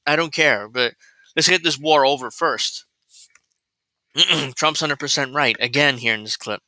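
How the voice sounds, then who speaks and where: A man hosts a political commentary livestream in a blunt, rambling, profane way, mocking as he goes. His voice is very bright and cutting. The sound is close and dry. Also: medium pitch, measured pace, no room sound, low-quality recording. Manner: mocking, laughs at his own points. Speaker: commentary show host.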